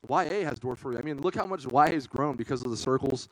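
A man's voice: mid-range voice, quick pace, no echo, low-quality recording. A young man preaching a casual, earnest youth sermon, peppering his talk with "man".

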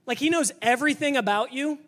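A man preaching a sermon to a church congregation, energetic and emphatic, sometimes building up to shouting. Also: very high-pitched, quick pace. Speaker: pastor.

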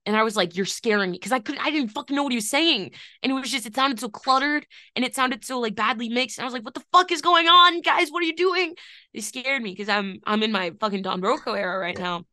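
A young woman co-hosting a music podcast, excitable and gushing, swearing a lot. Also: on the high side, fast talker, hardly any pauses, dry recording, clean studio sound. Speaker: podcast co-host. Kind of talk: casual music news chat.

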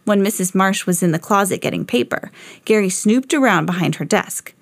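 A woman hosting a children's read-along, narrating a picture book aloud in an expressive way. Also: medium pitch, brisk, no echo. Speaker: host reading to children.

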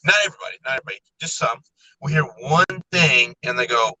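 A man's voice: mid-range voice, fast talker, pushed and bright, poor audio. A man guesting on a podcast, telling stories animatedly, acting out quotes and swearing. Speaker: guest content creator. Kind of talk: casual chat.

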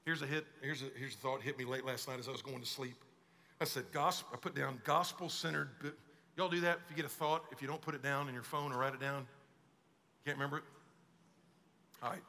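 A man's voice: mid-range voice, fairly even intonation, brisk, creaky, pushed and bright. A male pastor preaching a conversational sermon and acting out quoted voices. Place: church auditorium. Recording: long hall reverb.

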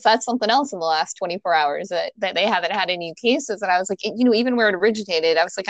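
A woman's voice: mid-range voice, quick pace, few pauses, no room sound. A young adult woman co-hosting a podcast, telling a story in casual chat with lots of fillers and the odd swear word. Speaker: podcast co-host.

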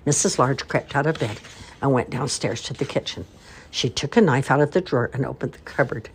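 An older woman reading a children's storybook aloud, warm and expressive. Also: a bass voice, brisk, a little hiss or hum.

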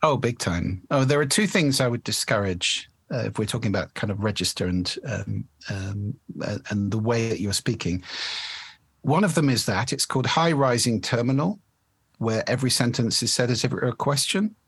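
A man who is an expert on the voice, explaining speaking habits in a measured, articulate way during an interview. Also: medium pitch, expressive, a bit bright, husky, dry recording.

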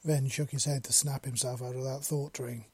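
A man narrating a story in a measured, unhurried reading. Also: medium pitch, flat delivery, a little mellow, breathy edge, no echo.

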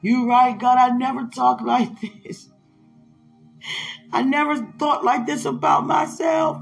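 A man's voice: very high-pitched, little pitch movement, slow pace, gravelly, soft background music, voice pushed up, exaggerated voice. A man voicing Job, an earnest, humbled man of faith who speaks with emphasis.

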